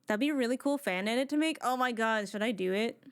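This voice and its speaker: A woman streamer chatting casually while she plays a video game, rambling with excitement and restarting her sentences often. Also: on the high side, fast talker, smooth. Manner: excited, rambling fan talk with many restarts.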